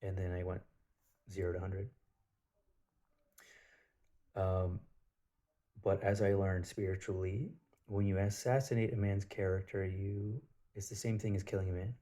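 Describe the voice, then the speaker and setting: A man's voice: low voice, level tone, a little slow, pauses often, warm tone. A man telling a personal story in a casual spiritual monologue, blunt and profane, with lots of filler words.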